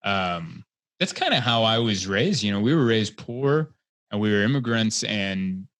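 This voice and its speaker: A man from Hungary, a guest comedian in a casual podcast conversation, telling stories in a rambling, chatty way that grows animated. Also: fairly low pitch, a little slow, no room sound. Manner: chatty storyteller, rambling with fillers, gets animated.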